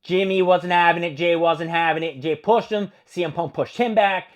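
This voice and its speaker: Male host, slightly high voice, casual profane wrestling recapper. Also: normal speed, soft background music. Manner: profane, rambling play-by-play with acted-out quotes. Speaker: wrestling show reviewer.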